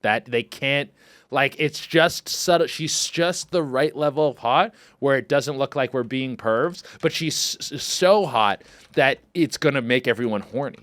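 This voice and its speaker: A man hosting a comedy podcast, riffing in excitable, profane casual commentary. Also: medium pitch, measured pace, no room sound. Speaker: podcast host.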